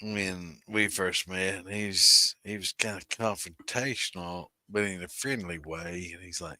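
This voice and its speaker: A deep-voiced man in his sixties rambles through a casual livestream, swearing freely and calling out his viewers by name. His tone is bright and forceful, and the sound is dry and close, with no room around it. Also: measured pace, few pauses, dry recording. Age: 60s. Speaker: host of a moonshine livestream.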